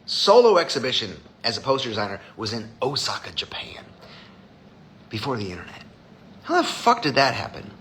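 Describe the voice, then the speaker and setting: A man's voice: medium pitch, wildly swooping pitch, brisk, a bit bright, slight background noise. A man hosting a live stream as a designer, chatting casually with viewers in a blunt, profane way.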